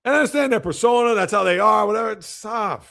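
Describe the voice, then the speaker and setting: A man's voice: high voice, fast talker, vocal fry, pushed and bright. A man hosting a casual sports commentary livestream, rambling with rhetorical, exasperated asides.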